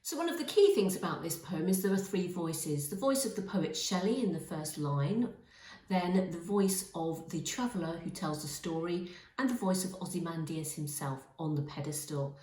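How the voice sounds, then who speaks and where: A woman teaching a lesson on a poem, speaking in a measured way and stressing key words. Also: fairly low pitch, lively intonation, a little mellow. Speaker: English literature teacher. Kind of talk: poetry lesson. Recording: roomy, from a distance.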